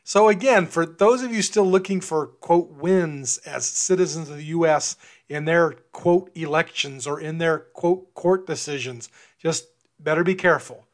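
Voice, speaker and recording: Man, slightly high-pitched, informal sermon, conversational Bible teaching, frequent restarts. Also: unhurried. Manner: conversational, repeats words and restarts often. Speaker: preacher.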